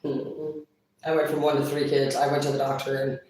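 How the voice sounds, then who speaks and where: A woman chatting casually on a livestream, blunt and profane, quick to laugh. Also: very deep voice, monotone, a little mellow, distant mic. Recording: very echoey room, voice off-mic.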